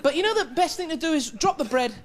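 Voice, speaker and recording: A man's voice: very high-pitched, lively intonation, fast talker. A young man doing a stand-up comedy set on a TV studio stage, talking in a frantic, stammering, panicky way. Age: young adult. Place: TV studio stage with live audience. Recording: loud audience laughter and studio noise.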